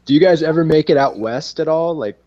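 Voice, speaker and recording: A man's voice: a little high, brisk, no echo, lo-fi sound. A man in casual chat, asking curious questions as host. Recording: crowd noise behind.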